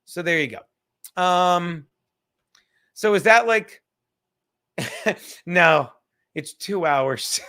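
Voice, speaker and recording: A man's voice: high voice, animated, drawn-out words, long pauses, pushed and bright. A tired man hosting a casual live stream from home, rambling and swearing, with joking asides to the chat. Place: home room.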